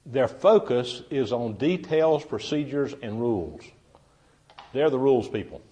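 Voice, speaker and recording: Brief: man, seminar speaker, folksy storyteller who chats with the audience, mid-pitched voice. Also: expressive, a little slow, warm tone. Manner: folksy storyteller, chatty, addresses the audience directly. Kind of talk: humorous seminar talk to a live audience. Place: meeting room with a live audience.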